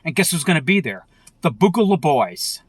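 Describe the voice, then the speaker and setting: A man's voice: on the high side, big pitch swings, moderate pace, husky, no room sound. A man delivering an angry, profane political rant as a vlogger, heated and repetitive.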